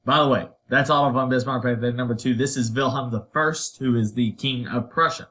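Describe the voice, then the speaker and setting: A man's voice: medium pitch, fairly quick, hardly any pauses, sharp tone. A man teaching a history lesson in a casual, conversational way, tossing in playful asides and putting on voices for quotes. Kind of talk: recorded history lecture.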